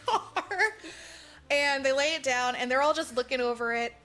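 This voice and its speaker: A woman's voice: high-pitched, normal speed. A woman podcast co-host recapping a movie in casual chat, swearing freely and mimicking the characters as she goes. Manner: animated, profane storytelling, mimics characters.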